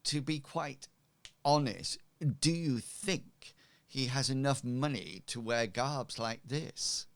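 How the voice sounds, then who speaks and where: Haughty merchant, slow and gravelly, played by a man running a tabletop game, scoffing, aloof. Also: medium pitch, fairly bright tone. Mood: scornful. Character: haughty dismissive male merchant noble.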